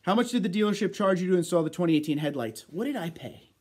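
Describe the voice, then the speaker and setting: A man's voice: high-pitched, expressive, fast, a little mellow, slightly rough. A man hosting a casual livestream, reading viewer comments aloud and answering them in a chatty, joking, easygoing way. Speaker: livestream host.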